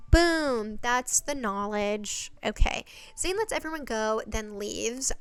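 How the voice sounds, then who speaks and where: Woman host, casual recap, sarcastic and exasperated, smooth clear voice, dry close mic. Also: on the high side, lively intonation, takes it slowly, no echo. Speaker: video essay host.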